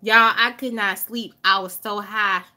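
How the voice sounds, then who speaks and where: Southern woman vlogging, super bright sharp voice, loud animated storytelling, stretches words out. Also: medium pitch. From Alabama. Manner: animated, drawn-out emphasis, swearing freely. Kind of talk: casual storytelling to viewers.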